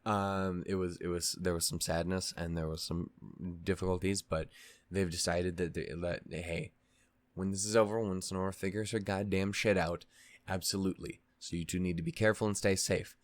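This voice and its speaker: A man's voice: sits low, fairly even intonation, normal speed, no room sound. A man hosting a reaction channel, casually recapping a show in a rambling way, with lots of fillers, restarts and swearing.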